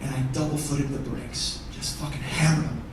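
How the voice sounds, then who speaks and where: A man performs intense, profane storytelling on a theatre stage, his voice a little high for a man. The mic is set far back, so he sounds distant in a very roomy hall with clear background noise. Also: little pitch movement, normal speed. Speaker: comedian. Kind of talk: one-man show storytelling.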